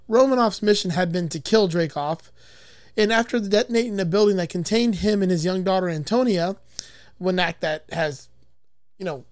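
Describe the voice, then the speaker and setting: A man's voice: high-pitched, no room sound, clean studio sound. A man hosting a podcast, reading out a movie plot summary and arguing his points, swearing often. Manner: argumentative, swears freely. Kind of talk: casual movie review chat.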